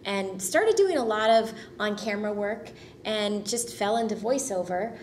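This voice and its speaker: A woman's voice: mid-range voice, expressive, a little slow, slight background noise. A woman being interviewed as an actress, answering in a modest and grateful way. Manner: modest, warm and grateful, laughs easily. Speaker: voice actress and guest.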